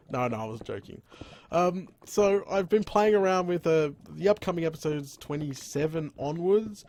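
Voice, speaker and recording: Rambling Australian man on a boom mic. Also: animated, normal speed, darkish tone, a little hiss or hum. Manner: rambling, laughs often, keeps saying "crikey". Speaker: gaming live streamer. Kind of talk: casual live stream chat. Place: room at home. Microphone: boom arm microphone.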